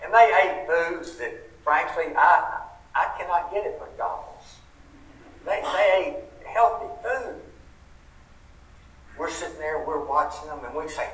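A man's voice: on the high side, a little slow, long pauses, a bit bright. A man with a Southern US accent preaching a sermon, earnest and folksy, asking the congregation rhetorical questions. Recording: roomy sound from a distant mic.

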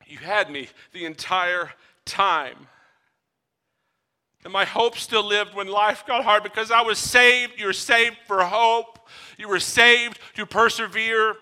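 A male pastor preaching a sermon, emphatic and given to drawn-out repetition. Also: high-pitched, steady tone, pushed and bright.

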